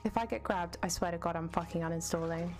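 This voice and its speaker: A woman's voice: lowish voice, fast, darkish tone, soft background music. A woman streaming a game, chatting casually, answering chat and swearing freely. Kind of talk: casual live-stream chat while gaming.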